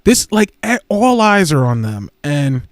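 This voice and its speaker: A man hosting a casual livestream, talking in a sassy, gushing way and hopping between topics. His voice sits a little high and swings widely up and down. The sound is dry and close, with no room around it. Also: very animated, measured pace, no room sound. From United States. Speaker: livestream host.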